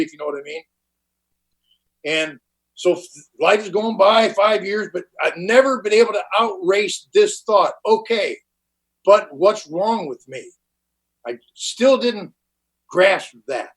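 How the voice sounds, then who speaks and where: Older guy with a high voice, blunt recovery talk, plain slang, lots of restarts. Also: low-quality recording. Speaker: recovery meeting speaker. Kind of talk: personal recovery testimony. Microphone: online conference talk.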